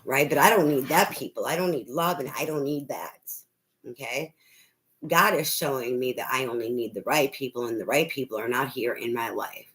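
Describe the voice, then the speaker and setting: A woman's voice: a bass voice, fairly bright tone, rough recording. A middle-aged woman, a tarot reader, venting about family trouble in a blunt, emphatic way, swearing often and restarting her sentences. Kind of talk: emotional personal venting monologue.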